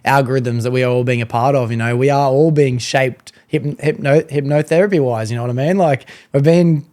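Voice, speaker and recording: A man's voice: mid-range voice, steady tone, a little fast, darkish tone. A man hosting a podcast in casual chat, slangy and enthusiastic, often calling his guest bro. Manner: slangy, says bro a lot, reacts with laughs. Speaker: podcast host.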